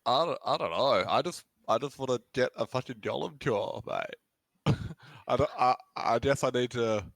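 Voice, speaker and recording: A man's voice: mid-range voice, expressive, normal speed, vocal fry, dry recording. Man, tabletop game player, hesitant, stammering, casual, dry close sound.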